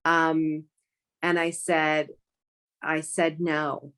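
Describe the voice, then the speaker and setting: Low-voiced woman telling a walking story. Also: flat delivery, fairly bright tone, clean tone. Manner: earnest, halting, many restarts and fillers. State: close to tears. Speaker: guest. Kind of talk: conversational storytelling.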